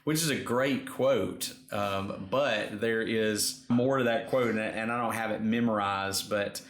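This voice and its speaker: Host: man, low gravelly voice, reflective, lots of fillers. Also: steady tone, measured pace, a bit bright, reverberant. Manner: reflective, thinks aloud with many fillers. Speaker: podcast co-host. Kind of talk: casual chat.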